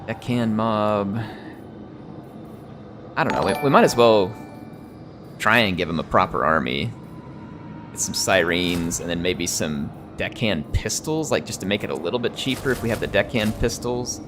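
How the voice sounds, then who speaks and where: Over music, a man with a deep, expressive voice chats at a moderate pace during a casual strategy-game stream. He's from the United States, speaks General American with a light drawl, and wanders from topic to topic, chuckling a lot.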